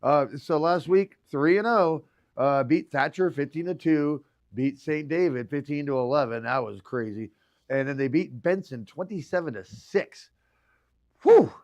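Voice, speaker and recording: A man co-hosting a local sports radio show, excitable, reeling off stats. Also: fairly high pitch, a little slow. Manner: excitable, hypes teams, rattles off stats. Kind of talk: casual sports talk radio.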